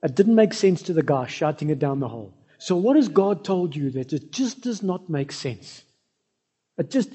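A man's voice: a little high, very animated, moderate pace, mellow, husky, muffled recording. A man preaching a sermon, telling stories and speaking directly to the congregation. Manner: storytelling, addresses the congregation directly.

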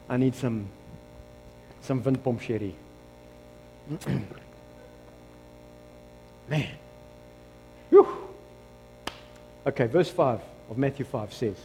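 A man with a South African accent preaching a sermon as pastor, switching between loud exclamations and quiet asides. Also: medium pitch, big-room sound, slight background noise. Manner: animated preaching, shifts between shouting and hushed asides.

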